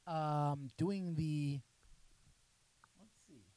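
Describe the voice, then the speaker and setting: A man's voice: medium pitch, animated, unhurried, no room sound, low-quality recording. A middle-aged man from Canada, rambling casually as he tests a cheap wireless microphone for his maker livestream. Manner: rambling, chatty, jokey. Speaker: maker channel host. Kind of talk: casual mic test livestream.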